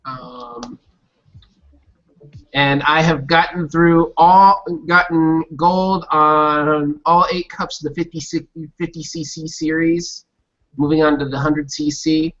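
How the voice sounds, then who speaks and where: A man's voice: a little high, fairly bright tone. A man co-hosting a gaming podcast in casual chat, hesitant and full of ums. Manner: slow, hesitant, many ums, laughs easily. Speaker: podcast co-host. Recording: dull lo-fi audio with faint music.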